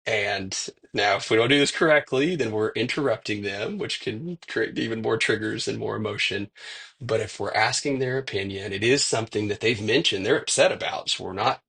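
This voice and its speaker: A man's voice: lowish voice, moderate pace, pushed and bright. A man in his forties, a conflict expert, talking casually in an interview and chuckling now and then. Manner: gravelly, husky voice, chuckles as he talks. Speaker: conflict resolution expert guest.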